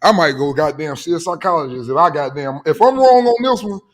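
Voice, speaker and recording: A man on a boxing talk show, arguing loudly and profanely in a heated casual debate. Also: fairly high pitch, animated, fairly quick. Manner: loud, profane, exasperated arguing.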